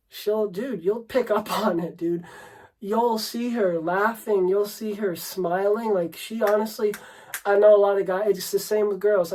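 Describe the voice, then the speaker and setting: A man's voice: high-pitched, mellow, rough recording. A man coaching on dating, talking unscripted to the camera in a brash, swearing, rambling way, and calling the listener bro and dude.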